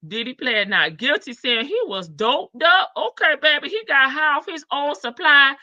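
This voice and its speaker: Bright-voiced chatty woman livestream host. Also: sits high, lively intonation, moderate pace, no room sound, lo-fi sound. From Chicago. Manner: chatty, greets viewers one by one, sassy asides. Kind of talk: casual livestream chat.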